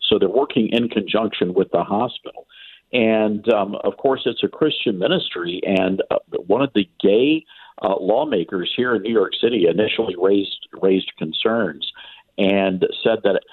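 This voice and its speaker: A man's voice: on the low side, normal speed, husky. A man from the American South, a radio commentator calling in as a guest and telling stories with sarcastic relish. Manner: animated sarcastic storytelling. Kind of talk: talk radio phone interview. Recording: tinny phone line.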